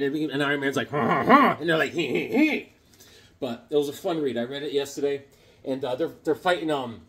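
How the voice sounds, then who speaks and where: A middle-aged man rambles through stories and comic book chat at home, his voice husky and somewhat high for a man. His pitch swings widely as he jumps into other people's voices. The talk is loose and conversational. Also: a bit bright. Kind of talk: casual rambling storytelling.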